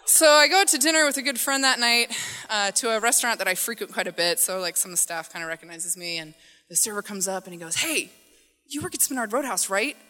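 A woman telling a funny personal story on stage to an audience, animated and self-mocking, acting out the voices in it. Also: medium pitch, fast. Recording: hall reverb.

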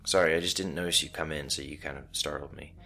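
Flustered young store clerk, stammering, read by a man, very deep voice. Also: steady tone, fast talker, bright, forceful tone, faint music behind, heavily acted. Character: nervous teenage boy store clerk.

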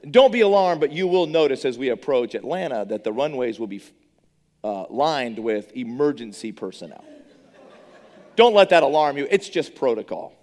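A man voicing a calm, steady male airline pilot making a reassuring formal announcement. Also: medium pitch, moderate pace, natural voice. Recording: long reverb of a large hall.

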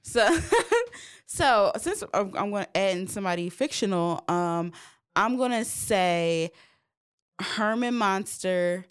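A woman's voice: medium pitch, lively intonation, takes it slowly, clean tone. A woman in casual chat, blunt and giggly, with lots of fillers.

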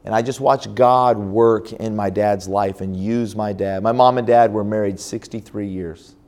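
A man's voice: on the low side, steady tone, a little slow, darkish tone. Storytelling male pastor preaching. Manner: storytelling with frequent restarts and fillers. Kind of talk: sermon testimony. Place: church conference hall.

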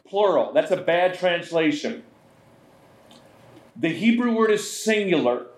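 A man preaching a sermon as pastor, in a conversational, animated way, often slipping into voices. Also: high voice, slow pace. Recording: roomy echo.

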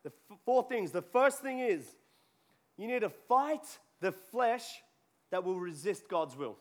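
A man's voice: sits high, lively intonation, measured pace. A man preaching a sermon to a congregation in a church, talking conversationally and joking with people in the room. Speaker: pastor. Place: church hall before a congregation.

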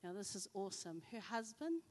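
A woman's voice: mid-range voice, brisk. A woman giving a chatty church sermon, telling personal stories with lots of fillers. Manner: chatty, animated storytelling with fillers. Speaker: church speaker. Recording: hall reverb.

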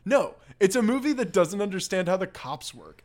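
A man co-hosting a casual movie recap podcast, laughing often and slipping into quick character impressions. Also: high voice, very animated. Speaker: podcast co-host.

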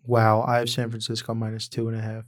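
Quick wisecracking man, podcast host. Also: lowish voice, monotone. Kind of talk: casual sports betting chat.

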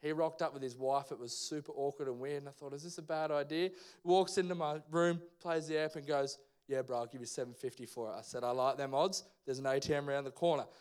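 A young Australian man preaching in church, loose and slangy, full of energy as he tells a story. His voice sits a little high for a man and sounds smooth and resonant. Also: fairly quick, hardly any pauses. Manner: casual, slangy and animated. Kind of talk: sermon with personal storytelling. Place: church service.

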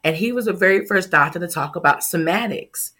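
A woman's voice: fairly low pitch, fairly quick, bright, forceful tone. A middle-aged woman, a startup founder, telling a heartfelt personal story in a podcast interview.

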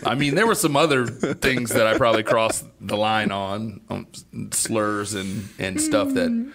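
A man's voice: lowish voice, sing-song, measured pace, a bit bright. A man co-hosting a casual radio chat show, telling stories animatedly and acting out both sides of phone calls. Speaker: co-host. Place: radio studio.

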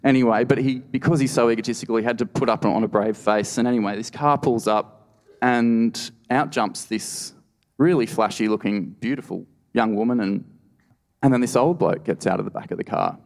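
A man's voice: mid-range voice, moderate pace, vocal fry, darkish tone. An Australian man telling a true story on stage at a live storytelling event, wry and conversational with lots of "you know". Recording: reverberant live hall.

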